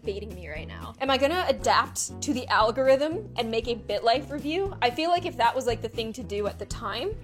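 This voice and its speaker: Young woman YouTuber, high voice, dramatic game commentary over background music. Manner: chatty, dramatic, bursts into shrieks and laughs. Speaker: YouTuber playing a life-sim game. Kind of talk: gameplay commentary.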